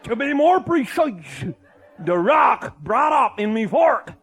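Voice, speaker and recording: An older man telling a comic tall tale, boisterous and loud, often laughing as he talks. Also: extremely high pitch, big pitch swings, slow, a little hiss or hum. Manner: boisterous, often shouting and laughing mid-sentence. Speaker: storyteller.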